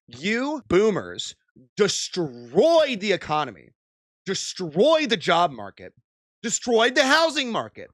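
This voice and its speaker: A man's voice: high voice, huge pitch swings, measured pace, a bit bright, dry recording, clean studio sound. A young man streaming, ranting and swearing in exasperated commentary.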